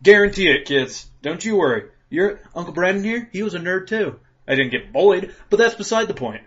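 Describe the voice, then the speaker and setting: A man co-hosting a casual podcast, chatting profanely, laughing often and bursting into loud acted-out rants. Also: sits high, fairly quick. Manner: animated, laughs a lot, acts out rants in loud voices. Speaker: podcast co-host. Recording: dull lo-fi podcast audio.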